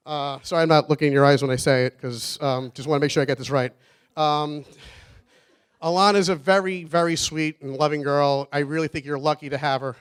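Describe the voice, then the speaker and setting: A man's voice: a little high, fast talker, clear, resonant tone. A man giving a rambling, nervous wedding toast for his brother, laughing often. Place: wedding reception.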